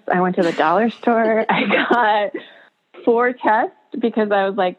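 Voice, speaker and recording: A woman shares a personal story as an interview guest, her voice at an ordinary middle pitch. She is emotional and laughs often between halting phrases. The sound is thin and tinny, like a phone line. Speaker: birth photographer and guest.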